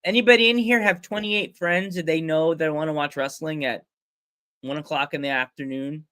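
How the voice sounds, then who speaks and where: A man's voice: fairly high pitch, fairly even intonation, moderate pace, bright, forceful tone, smooth. American man, podcast host, casual chat, rambling, restarts often, laughs a lot.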